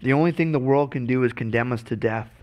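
A man's voice: medium pitch, quick pace, highs cut off. Male pastor, sermon delivery, earnest, restarts and repeats words.

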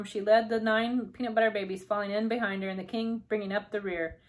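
A woman's voice: medium pitch, poor audio. Woman reading a children's story aloud. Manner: calm, unhurried storytelling. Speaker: storybook reader.

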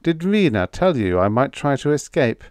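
A man's voice: mid-range voice, very animated, normal speed, clean tone, dry recording, voice pushed up, natural voice. A man reading aloud, voicing a guarded male space agent who keeps his voice level and careful.

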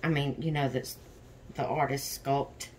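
A woman's voice: rumbling low, fairly even intonation, measured pace, a little mellow, a little hiss or hum. A woman hosting a doll vlog in casual chat, tired and yawning, rambling openly about her stress. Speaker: reborn doll channel host.

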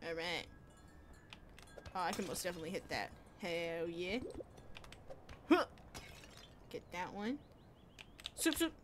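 A woman's voice: on the low side, unhurried, pauses often, a little hiss or hum. A young woman casually commenting on a game as she plays, playful and chatty with sing-song bits. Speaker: gaming streamer.

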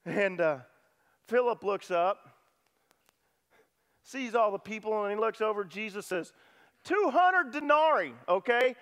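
Male pastor, middle-aged, high voice, animated storyteller who drops to a near hush for quiet moments. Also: a little slow, long pauses. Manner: animated storytelling, acting out disciples' lines, swings loud to hushed. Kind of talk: sermon.

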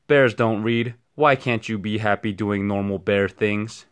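A man's voice: lowish voice, fairly even intonation, a little slow, clean tone, lightly acted. A man doing a scoffing bear sister. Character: dismissive young female bear sister.

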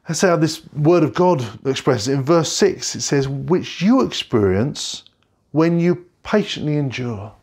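A man's voice: a little high, gravelly, darkish tone, breathy edge. A middle-aged man preaching an online sermon from a bedroom at home, earnest and repeating phrases for emphasis. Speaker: pastor.

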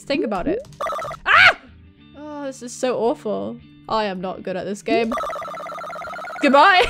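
A woman hosting a let's-play video, excitable, yelping, swearing and laughing at her own failures as she plays. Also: high voice, takes it slowly, pauses often, soft background music. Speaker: gaming video host.

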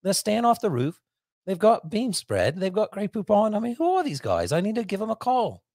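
A man's voice: high voice, huge pitch swings, moderate pace, darkish tone, no echo, studio quality, pitched above the performer's own voice, heavily acted. A man voicing a fussy, rambling male customer on a prank call, in a put-on British accent. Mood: silly. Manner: rambling, silly, mock-posh. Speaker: prank caller.

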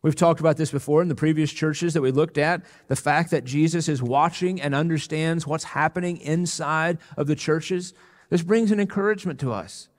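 Pastor guy preaching, earnest and emphatic, slightly high voice, big echoey church hall. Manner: earnest, emphatic preaching with slow, weighty pauses. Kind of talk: sermon. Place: church sanctuary. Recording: long reverb of a church hall.

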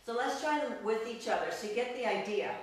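A woman's voice: fairly high pitch, expressive, a little fast. Upbeat woman counting dance steps. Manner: counts steps aloud, upbeat and playful, laughs often. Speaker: belly dance teacher. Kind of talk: live online dance class instruction. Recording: echoey room, mic far off.

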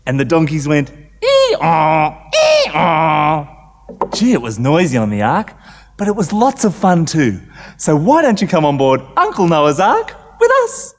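A man's voice: fairly high pitch, huge pitch swings, moderate pace, long reverb tail, a little hiss or hum. An Australian man telling a story to young children and making animal noises.

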